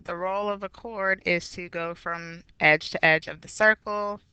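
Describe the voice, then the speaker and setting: A woman's voice: fairly low pitch, steady tone, moderate pace, bright, forceful tone, smooth, no echo. A woman math teacher walking through a geometry review step by step, patient and explanatory. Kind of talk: recorded geometry review lesson.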